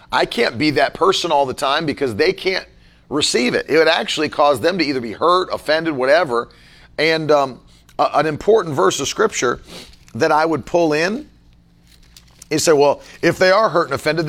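A man leading a casual Bible-study chat as pastor, talking forcefully and emphatically. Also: on the high side.

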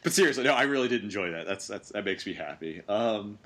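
A man hosting a casual sports podcast, animated and sarcastic, throwing in quick asides and questions to his co-hosts. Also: on the low side. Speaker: podcast host.

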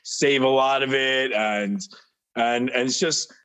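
An enthusiastic man talks casually as a podcast guest, tripping over his words in his eagerness. His voice sits at an ordinary middle pitch. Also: fairly even intonation, slow, fairly bright tone, clear, resonant tone. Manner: enthusiastic, rambling with restarts. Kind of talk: casual chat.

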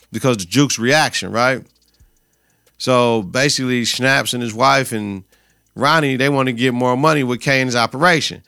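A man's voice: mid-range voice, gravelly, bright, forceful tone, no room sound, studio quality. A male podcast host giving a casual, profane, slang-heavy recap of a TV episode and quoting the characters' lines.

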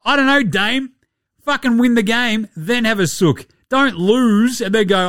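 Aussie bloke ranting and joking, high lively voice, dry close mic. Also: male voice, moderate pace, no echo. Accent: Australian. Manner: lively, sweary, mocking banter. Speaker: podcast host. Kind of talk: casual sports commentary.

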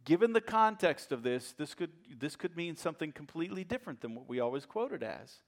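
A man preaching from the pulpit of a church, his voice sitting a little high for a man. He swings from ringing emphasis down to near-whispered asides and repeats key phrases to drive them home. The delivery is a pastor's sermon to a congregation. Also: big pitch swings, brisk. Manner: preacherly, swings from loud to hushed.

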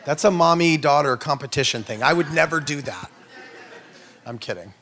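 A man in his thirties, a preacher, telling funny family stories in a sermon, joking and acting out voices with big jumps in pitch. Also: animated, moderate pace, a bit bright, a faint crowd. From Norway. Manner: playful, jokey, acts out quotes with big pitch jumps. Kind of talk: comedic sermon storytelling.

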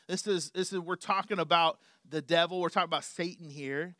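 A middle-aged male pastor preaching a sermon, animated, swinging between loud emphasis and quiet asides. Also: on the high side, a little fast, few pauses, dry recording, clean studio sound.

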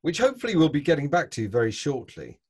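Husky, hesitant male host. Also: a little high, very animated, fast talker. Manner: hesitant, chuckling, many restarts. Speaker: podcast host. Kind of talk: casual interview chat.

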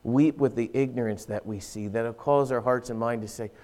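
A man preaching a sermon as pastor, in a conversational style, full of rhetorical questions and quick acted-out asides. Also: mid-range voice, steady tone, darkish tone.

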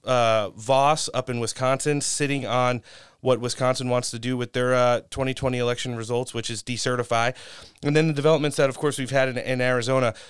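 A young man hosts a political interview in a loose, rambling way, full of fillers. His voice is smooth and resonant, recorded close and dry with no room sound. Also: medium pitch, a bit bright, dry recording. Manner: casual, rambling, many fillers. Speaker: interview host.

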